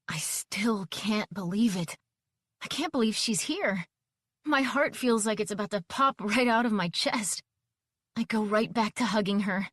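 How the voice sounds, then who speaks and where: A woman narrating a first-person audiobook, expressive and giving each character a voice. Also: medium pitch, unhurried, no echo, studio quality.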